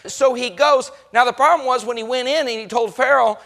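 A man preaching a sermon, telling stories folksy and emphatic, acting out the voices and rising to shouts. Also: extremely high pitch, brisk, few pauses. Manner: folksy storytelling with acted-out voices. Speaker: pastor.

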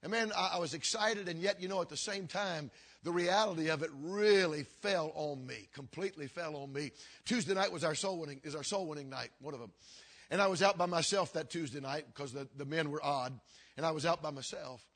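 Husky-voiced older pastor preaching. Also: male voice, brisk. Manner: earnest, repetitive preaching cadence that drops low and quiet. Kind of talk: storytelling sermon.

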